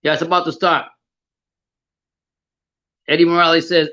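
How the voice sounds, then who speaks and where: Profane, high-voiced man venting on stream. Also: little pitch movement, normal speed, long pauses, pushed and bright, dull audio. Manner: frustrated, profane, stammering, answers chat comments. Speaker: live stream host. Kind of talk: live fight reaction chat.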